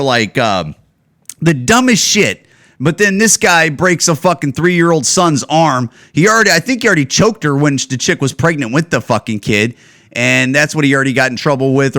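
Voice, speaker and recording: A man hosting his own podcast, ranting casually and sarcastically with plenty of swearing and loud, higher outbursts when he gets worked up. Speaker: podcast host. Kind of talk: casual solo podcast rant.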